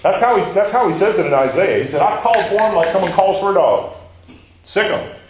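A man's voice: high voice, expressive, quick pace, a little mellow, roomy sound, slight background noise, poor audio. A man preaching a sermon, teaching and asking his listeners questions, acting out quoted lines and sometimes dropping to a near whisper.

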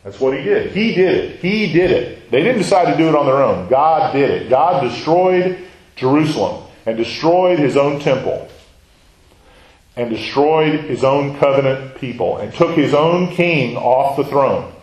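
A man's voice: medium pitch, lively intonation, unhurried, darkish tone, roomy sound, low-quality recording. A man preaching a sermon, teaching and asking his listeners questions, acting out quoted lines and sometimes dropping to a near whisper.

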